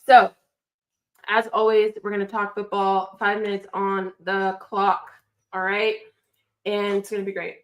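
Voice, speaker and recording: A woman's voice: mid-range voice, steady tone, unhurried. A woman hosting a football call-in livestream, chatting casually with an upbeat, talkative manner and frequent repeated phrases. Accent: non-standard accent, remarked on by a viewer.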